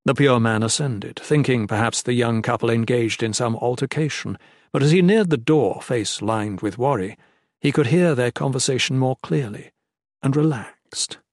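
A man narrating an audiobook in a measured, descriptive way. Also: medium pitch, no room sound, clean studio sound.

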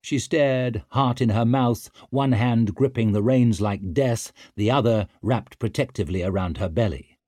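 A man narrating an audiobook in an expressive, dramatic storytelling manner. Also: mid-range voice, measured pace, dry recording, studio quality. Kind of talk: scripted narration.

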